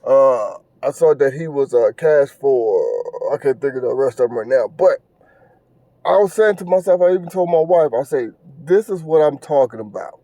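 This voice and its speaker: A man's voice: mid-range voice, animated, normal speed, warm tone, no room sound. A man hosting a podcast, talking on his own in a casual, earnest and preachy way, repeating phrases and stumbling over fillers. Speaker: podcast host. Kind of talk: casual monologue commentary.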